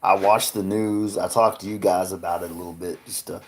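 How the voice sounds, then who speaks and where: A man's voice: deep voice, steady tone, a little fast. A man hosting a casual livestream, chatting loosely with viewers, swearing freely and laughing often. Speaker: livestream host. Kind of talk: casual live-stream chat with viewers.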